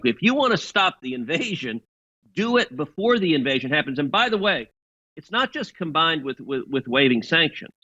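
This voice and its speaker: A man delivering argumentative political commentary in a bright, forceful voice. He presses his point firmly and stumbles over repeated words as he launches into sentences. The clip sounds a little dull and lo-fi. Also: a little high. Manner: assertive, argumentative, repeats words when starting.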